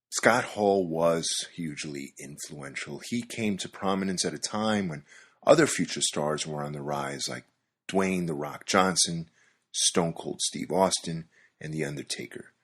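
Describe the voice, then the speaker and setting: Deep husky man narrating a podcast. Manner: wry, dry-humored storytelling. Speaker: podcast host.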